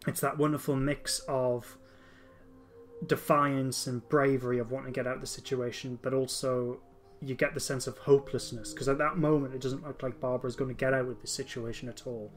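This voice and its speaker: A man with a mid-range voice and level tone hosts a podcast, speaking with enthusiasm in a casual discussion over faint background music. His sentences often stop short and start over.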